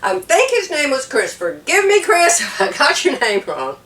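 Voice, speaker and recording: Teary and emotional, an older woman from the US tells her viewers a story in a relaxed vlog, breaking into laughter between lines. She speaks at a moderate pace in a high, somewhat bright voice whose pitch swoops wildly. The room echoes, and she's slightly distant from the microphone.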